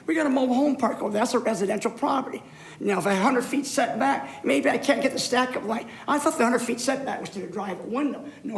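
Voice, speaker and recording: A man's voice: very high voice, gravelly, reverberant, rough recording. Emotional older man pleading at a podium. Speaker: public commenter. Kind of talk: public comment at a city meeting. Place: city council chamber.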